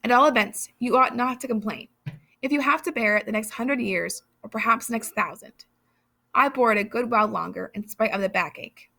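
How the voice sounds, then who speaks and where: A woman's voice: a little high, a little fast, gravelly, fairly bright tone. A woman reading aloud, voicing a selfish, cheerfully sly male giant in an airy, teasing way.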